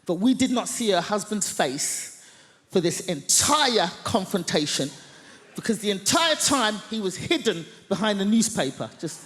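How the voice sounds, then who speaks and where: A woman stand-up comedian telling a story on a large theatre stage, loud and theatrical. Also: medium pitch, big pitch swings, unhurried. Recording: echoey theatre hall, faint noise.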